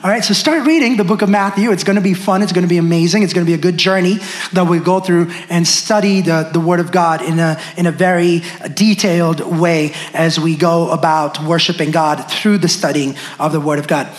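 A pastor giving a sermon in a church, slowing down hard to stress key phrases and hurrying through quick asides to the congregation. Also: medium pitch, steady tone. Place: church sanctuary. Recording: echoey hall with long reverb.

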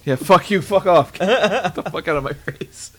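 A man's voice: sits high, normal speed, fairly bright tone, husky. A man in casual chat, laughing as he describes scenes from a movie and quotes its characters.

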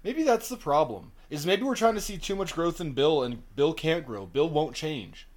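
A man's voice: a little high, animated, moderate pace. A man co-hosting a podcast, talking in a crude, jokey, ranting way. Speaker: podcast co-host. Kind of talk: casual podcast chat.

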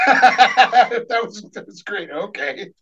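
A young man co-hosting a podcast, excitable and profane, telling stories between bursts of laughter. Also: high-pitched, very slow, muffled recording. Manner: excitable, swearing, laughing storyteller. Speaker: podcast co-host. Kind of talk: casual chat.

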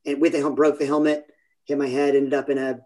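A man's voice: medium pitch, flat delivery, fast talker, mellow. A man in his forties from California, telling stories in a rambling, self-interrupting way during a casual interview chat. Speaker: podcast guest.

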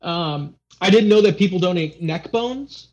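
A young man chats on a podcast, blunt and animated, with a slightly high voice. He swears freely. The recording sounds muffled and lo-fi. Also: a little slow, crowd noise. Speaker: podcast co-host. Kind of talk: casual chat.

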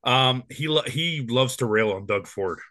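A man's voice: medium pitch, animated, unhurried, pushed and bright, dry recording. A man in his forties co-hosting a casual podcast, rambling with plenty of ums and restarts. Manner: rambling, with many fillers and restarts. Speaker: podcast co-host.

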